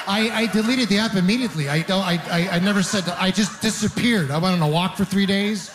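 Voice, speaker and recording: A man's voice: high voice, a little fast, hardly any pauses, a bit bright. Rambling, self-mocking stand-up comic man. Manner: wry, rambling storytelling with self-mocking asides. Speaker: stand-up comedian. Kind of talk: stand-up comedy set. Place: live comedy venue with audience laughter.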